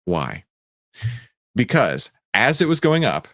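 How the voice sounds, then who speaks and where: Animated low-voiced man hosting a stream. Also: normal speed, dry recording, studio quality. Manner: animated, rambling, self-mocking. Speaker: trading coach and stream host. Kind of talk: live Q&A trading stream.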